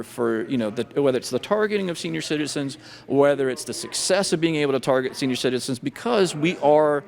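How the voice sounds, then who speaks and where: A middle-aged man, an FBI agent, answering interview questions about scams in a measured, thoughtful way with frequent restarts. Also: medium pitch, vocal fry.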